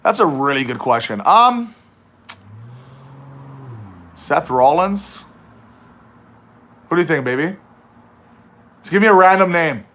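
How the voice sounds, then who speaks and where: A man hosts a casual livestream, chatting and teasing as he reads out viewer questions. His voice sits high and sounds bright and ringing. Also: expressive, slow, pauses often. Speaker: livestream host.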